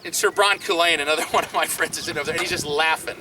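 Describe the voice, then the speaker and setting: A man with a fairly high voice runs an outdoor fighting class, calling out cues and breaking into asides as he coaches pairs through drills. He is recorded by a camera some distance away, with clear outdoor noise around him. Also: fairly even intonation, rapid-fire. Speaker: combat instructor. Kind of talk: teaching a hands-on fighting class.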